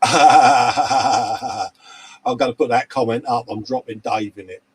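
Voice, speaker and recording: Speaking slowly in a medium-pitched, breathy voice, this 40-something co-host of a live model-building chat show keeps things casual and jokey. He laughs often, reads viewers' comments aloud, and addresses people as mate.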